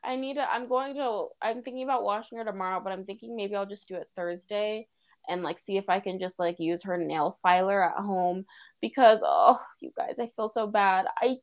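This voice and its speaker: A woman's voice: mid-range voice, expressive, normal speed, no room sound. A woman co-hosting a podcast, telling a story in a chatty, dramatic way with lots of "like". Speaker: podcast co-host. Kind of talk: casual chat.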